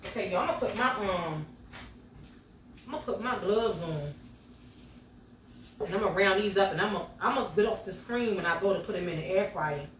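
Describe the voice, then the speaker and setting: Speaking in a mid-range voice, fairly quickly but with frequent pauses, a middle-aged home cooking vlogger chats to y'all and tells a story as she cooks at home. The recording is roomy and captured from a distance, carrying a little hiss or hum.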